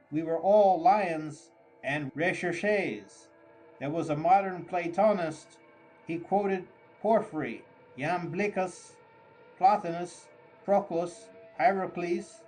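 Man reading a story aloud, slow and measured, kinda high voice, faint music behind. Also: darkish tone, rough recording. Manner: measured, mock-grand storytelling. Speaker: audiobook narrator. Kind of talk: scripted narration.

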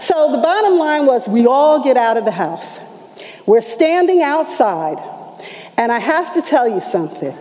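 A middle-aged woman church elder telling a testimony in an animated storytelling manner, acting out the voices she quotes. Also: high-pitched, a little slow, in a large hall, poor audio. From New York. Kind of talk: testimony sermon.

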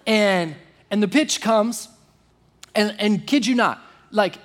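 A man preaching a sermon, telling a personal story in an animated, self-deprecating way, full of quick restarts. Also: high voice. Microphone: online service broadcast.

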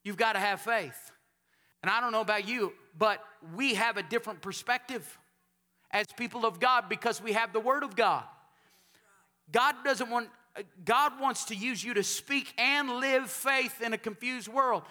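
A man from Texas, a pastor preaching a sermon in a church sanctuary, telling stories and building up to shouted calls for amens. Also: very high voice, moderate pace.

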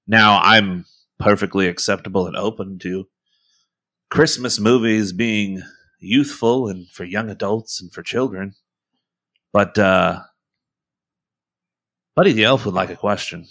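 A man's voice: fairly low pitch, fairly even intonation, slow, gravelly, long pauses, pushed and bright. A man on a podcast panel, giving a wry, hesitant, joking take. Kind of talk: casual podcast chat.

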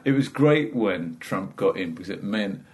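A low-pitched man talking casually as a comedian. He rambles, restarts his sentences and breaks into laughter as he goes. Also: expressive, moderate pace, darkish tone. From England. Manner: rambling, self-interrupting, laughs through his stories. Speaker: stand-up comedian. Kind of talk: casual chat.

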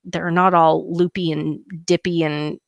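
A middle-aged woman co-hosting a chatty podcast, her voice sitting a bit low. She talks in animated bursts, restarting sentences and laughing often. The recording is dry and close. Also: a little slow, vocal fry, no echo, lo-fi sound. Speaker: podcast co-host. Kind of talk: casual chat.

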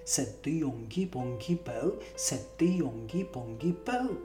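Slow, lilting woman reading verse. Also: extremely low pitch, expressive. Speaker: reader. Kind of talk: poetry reading. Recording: roomy distant mic with guitar music.

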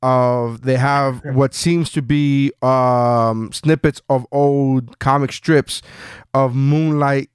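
A man hosting a casual podcast chat, swearing freely and telling animated stories. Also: mid-range voice, slow pace, smooth, no room sound, clean studio sound. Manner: profane, animated storytelling. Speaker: podcast host.

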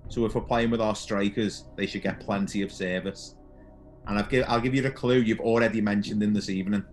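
A man's voice: lowish voice, fairly even intonation, a little fast, faint music behind. A man hosting a podcast, asking quiz questions in a casual, chatty way and laughing often. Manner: chatty, laughs often, calls guest "mate". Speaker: podcast host.

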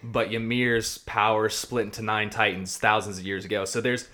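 A man co-hosting a podcast in casual chat, spinning excited fan theories in a blunt, profane way. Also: fairly low pitch, moderate pace. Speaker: podcast co-host.

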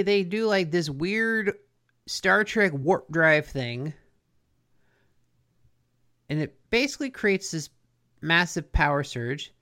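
Podcast cohost rambling thru a cartoon recap, gravelly fry in the voice. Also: medium pitch. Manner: relaxed recapping with frequent "like" and "basically". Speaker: podcast co-host. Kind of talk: casual chat recapping a cartoon episode.

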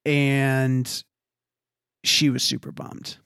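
A man's voice: extremely slow, vocal fry, smooth, dry recording, studio quality. A young man in casual chat, telling a story with lots of energy and acting out the voices of other people. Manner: animated storyteller, acts out quoted voices with big pitch jumps. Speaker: podcast co-host telling a story.

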